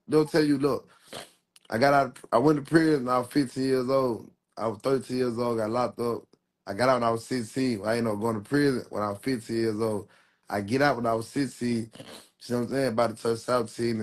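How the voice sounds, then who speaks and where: Young man rambling in street slang. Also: mid-range voice. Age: 20s. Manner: rambling street slang, repeats "real talk". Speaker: rapper. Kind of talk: casual livestream talk.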